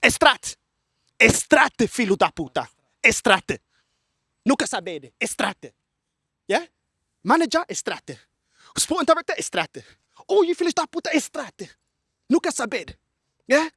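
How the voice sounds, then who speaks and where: A man's voice: extremely high pitch, big pitch swings, moderate pace, long pauses, a bit bright, husky, no echo, studio quality. A man ranting angrily in a football fan vlog, filmed outdoors in a car park by a friend holding the camera, slipping into Portuguese now and then. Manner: angry, ranting, slips into Portuguese. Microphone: camera held by a friend.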